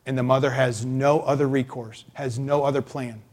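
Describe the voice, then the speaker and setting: A male pastor preaching a sermon in an emphatic, expressive way. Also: medium pitch, moderate pace. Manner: emphatic, expressive, acts out voices.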